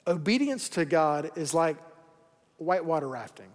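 A man's voice: a little high, very animated, normal speed. A man preaching a sermon in a casual, joking way, acting out quoted voices as he goes. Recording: long hall reverb.

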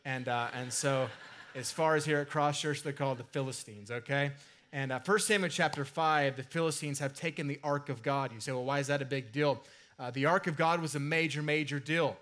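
A man's voice: a little high, a little fast, fairly bright tone. A man preaching a sermon in a casual, conversational way, with asides and filler words. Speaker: pastor.

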